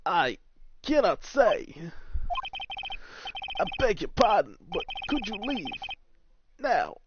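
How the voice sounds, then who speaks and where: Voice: mid-range voice, sing-song, slow, noisy background, pitched above the performer's own voice. Streamer doing a pompous old lawyer. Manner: blustering, formal, throat-clearing. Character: pompous older male lawyer, stiff and evasive. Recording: dull lo-fi stream audio. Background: loud game music.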